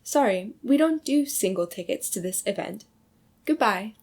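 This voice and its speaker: A woman voicing a gravelly, curt automated phone voice. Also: medium pitch, moderate pace, soft background music, lightly acted. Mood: dry, dismissive. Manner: flat, clipped, dismissive. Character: curt automated phone-line voice, female, unhelpful. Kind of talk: comedic short film.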